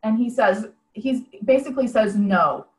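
A woman's voice: mid-range voice, lively intonation, a little slow, a bit bright, roomy sound, low-quality recording. A woman preaching a conversational sermon over a video call, retelling a story in a plain-spoken, reflective way.

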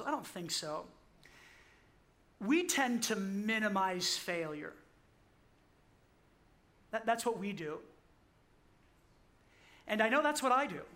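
A man preaching a sermon, telling the story vividly, acting out quotes and repeating key lines slowly. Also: sits high, sharp tone. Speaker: pastor.

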